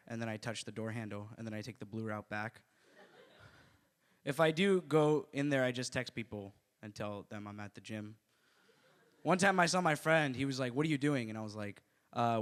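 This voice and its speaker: A man performing stand-up at a small live venue, with an offhand delivery that jumps into loud high voices for his bits. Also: clean tone. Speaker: stand-up comic. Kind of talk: stand-up comedy set.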